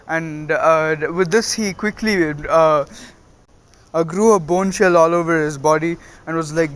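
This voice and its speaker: A man casually narrating a fan story, halting with many fillers. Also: a little high, a bit bright, clean tone.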